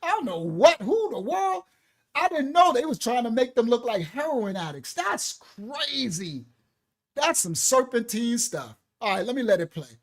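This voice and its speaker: Man, ministry host, casual animated commentary, laughs a lot. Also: very high-pitched, moderate pace. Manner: animated, laughs often, jokey storytelling. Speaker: ministry host reacting to a video.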